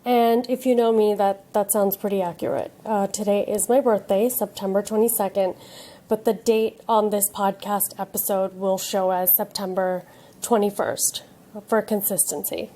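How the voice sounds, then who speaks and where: A woman's voice: mid-range voice, fairly even intonation, normal speed, warm tone. A woman in her late thirties hosting her own podcast, talking in a casual, ranting way and swearing freely. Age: 30s. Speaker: podcast host. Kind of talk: casual chat.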